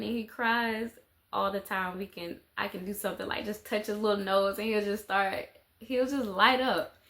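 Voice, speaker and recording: This is a woman, talking to camera in a relaxed life-update vlog. She rambles from one thought to the next, filling the gaps with fillers and small laughs. Her voice sits at a middle pitch. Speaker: mother and vlogger.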